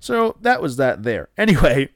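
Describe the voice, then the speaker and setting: A man's voice: medium pitch, very animated, moderate pace, no echo, studio quality. A man, co-hosting a podcast and telling a rambling, profane story full of restarts. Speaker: podcast co-host.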